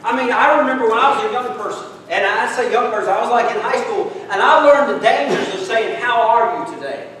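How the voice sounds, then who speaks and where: Brief: middle-aged man, folksy humorous preacher, high voice, recorded from far off with long reverb. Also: brisk, hardly any pauses, a bit bright, a little hiss or hum. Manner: folksy storytelling with humor, calls listeners "friends". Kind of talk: sermon. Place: large church hall. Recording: echoey church hall recording from far off.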